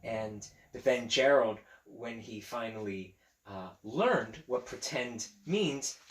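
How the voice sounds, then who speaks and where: A man, a teacher, reading a picture book aloud to children and chatting gently with them about it. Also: medium pitch, animated, takes it slowly, echoey room. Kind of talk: children's story read-aloud.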